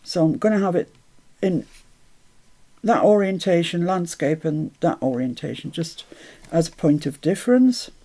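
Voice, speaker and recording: A woman hosts a relaxed crafting livestream in a gravelly, creaky voice. She murmurs her steps half to herself, then lifts her voice brightly to greet viewers in the chat. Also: fairly low pitch, normal speed. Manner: chatty, greets viewers brightly, mutters to herself while working. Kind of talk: casual live chat while crafting.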